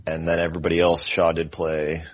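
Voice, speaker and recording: Very low voiced guy on a footy podcast, wry, kinda muffled lo-fi. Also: completely flat delivery, a little fast. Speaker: podcast co-host. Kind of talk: casual football podcast chat. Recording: dull lo-fi sound.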